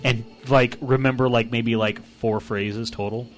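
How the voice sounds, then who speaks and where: A man with a mid-pitched voice hosts a relaxed gaming session with friends. He drops dry, bemused asides about what his friends are saying. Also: unhurried. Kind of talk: casual gaming banter.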